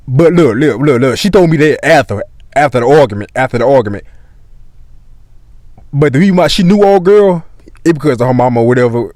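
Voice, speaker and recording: A young man spins a rambling, profane story in loose street slang, circling back over the same points again and again. His voice sits at an ordinary middle pitch, and the recording is close and dry with no room echo. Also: lively intonation, normal speed, long pauses, darkish tone. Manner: profane slang-heavy rambling, repeats himself. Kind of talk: casual storytime vlog.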